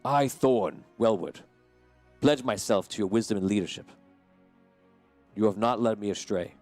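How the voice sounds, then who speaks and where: A man's voice: on the low side, normal speed, darkish tone, no room sound, faint music behind, natural voice. A man voicing a large, solemn male knight captain who pledges his loyalty in formal speech.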